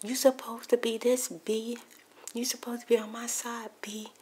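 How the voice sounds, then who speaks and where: A woman's voice: fairly high pitch, flat delivery, moderate pace, darkish tone, slight background noise, voice pushed up, close to an everyday voice. Woman acting out a frantic woman thrown out, in whispered role-play. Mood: indignant, desperate. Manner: pleading, rising to indignant outbursts. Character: distraught woman thrown out after cheating, frantic and pleading.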